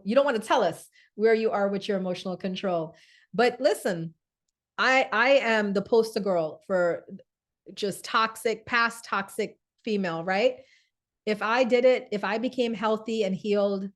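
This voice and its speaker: A woman hosting a live-stream wellness talk, chatty, answering viewer comments and often asking "right?". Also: medium pitch. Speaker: host.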